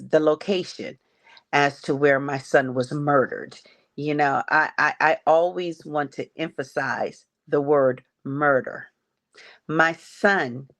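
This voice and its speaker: A middle-aged woman, a podcast guest, slowly telling the story of losing her son, halting and heavy with grief. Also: a bass voice, gravelly. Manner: slow, halting, grief-stricken account. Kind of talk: personal storytelling in an interview.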